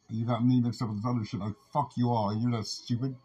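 Guy ranting fast, cursing nonstop, rambling all over, kinda muffled lo-fi sound. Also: mid-range voice, little pitch movement, dark tone, slightly rough. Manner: agitated, cursing, rambling with constant fillers. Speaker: podcast host. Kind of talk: rambling profane monologue. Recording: muffled lo-fi recording with faint background noise.

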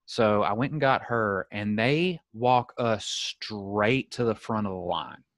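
A young man with a low voice hosts a podcast over a video call. He tells stories in a loose, animated way and acts out the voices of the people in them. The sound is dry and close. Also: slow pace, no room sound. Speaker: podcast host. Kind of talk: casual storytelling chat.

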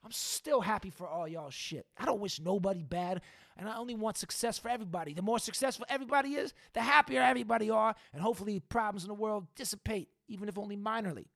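A man's voice: high-pitched, quick pace, creaky, fairly bright tone, dry recording, clean studio sound. A young man hosting a podcast, talking in a rambling, profane, slangy monologue with his ears clogged. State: ears clogged, unsure of own loudness. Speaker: podcast and radio host. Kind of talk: casual monologue.

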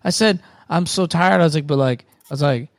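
A man's voice: a little high, brisk, no echo, clean studio sound. A man chatting casually as a co-host, crude and blunt, often laughing at himself. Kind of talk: casual chat.

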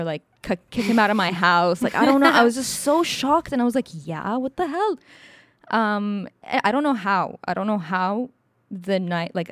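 Young woman, podcast storyteller, blunt and animated, mid-range voice, dry sound. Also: mid-range voice, no room sound. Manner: frank and animated, swears freely, acts out quotes. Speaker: podcast co-host telling a story. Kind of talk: casual storytelling chat.

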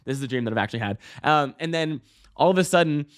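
A man hosting a podcast, telling a story casually with lots of fillers, restarts and swearing, breaking into loud high yelps. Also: lively intonation, fast. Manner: bursts into loud high-pitched exclamations when acting out scenes. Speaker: podcast host.

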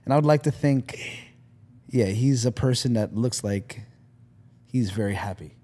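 A man's voice: medium pitch, measured pace. A man, a comedian guest chatting casually on a podcast and slipping into voices. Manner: animated, jumps into impressions.

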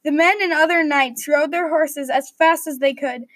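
Woman storyteller reading aloud, high voice, dry close sound. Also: moderate pace, a bit bright, dry recording.

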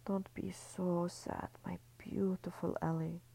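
A tender, fatherly man who coos soothing words in a hushed whisper, as a woman narrator puts him on. The voice sits low and dark with a gravelly edge. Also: little pitch movement, slow pace, heavily acted, rough recording. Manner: soft whispered cooing.

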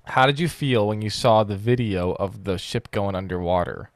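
A man's voice: lowish voice, moderate pace, no echo. A young man hosting a podcast, chatting in a playful, loose and joking way. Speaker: podcast host. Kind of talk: casual podcast chat.

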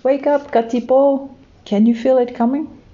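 A woman's voice: sits high, fairly even intonation, moderate pace, mellow, voice pushed up, lightly acted. A woman voicing an eager little female kiwi bird, urging her friends to wake and hurry, in a dull lo-fi recording. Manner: urgent, coaxing.

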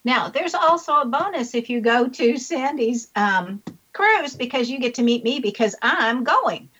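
A woman's voice: sits high, animated, unhurried, fairly bright tone, husky. Conversational older woman host, muffled. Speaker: podcast host. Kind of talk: casual interview. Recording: muffled lo-fi audio.

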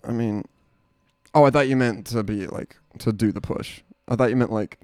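A young man co-hosting a casual podcast, animated and swearing, often slipping into mimicked voices. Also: mid-range voice, moderate pace. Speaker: podcast co-host. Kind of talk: casual chat.

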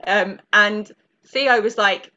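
A British woman in her thirties hosting a casual podcast chat, telling stories in an animated way with many restarts. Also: mid-range voice, slow pace. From Britain. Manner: warm storyteller, animated, stumbling restarts. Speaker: podcast host. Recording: dull lo-fi audio.

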